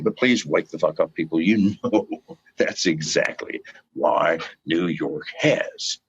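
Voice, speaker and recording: An older man with a low, gravelly, husky voice is an interview guest delivering an impassioned rant. He makes fiery, profane pleas to his listeners, captured in a dull lo-fi recording.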